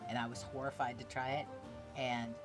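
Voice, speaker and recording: A woman with a very low voice chats on a podcast about roleplay. She tells her stories bluntly and with a lot of energy, swearing freely. Music plays clearly behind her. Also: little pitch movement, normal speed. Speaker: roleplay streamer. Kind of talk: casual podcast chat.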